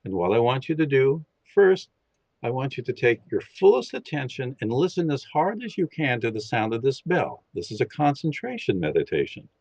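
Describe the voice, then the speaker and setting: A man on a podcast who guides listeners through a meditation, speaking in a calm, slow and instructive way. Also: mid-range voice, vocal fry, no echo. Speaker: podcast guest leading a meditation. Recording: dull lo-fi, dry sound.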